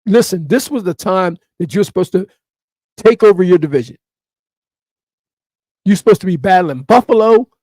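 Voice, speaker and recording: A man's voice: high-pitched, lively intonation, normal speed, long pauses, a little mellow, no room sound, clean studio sound. A man ranting through sports opinion commentary, emphatic and repeating his points over and over.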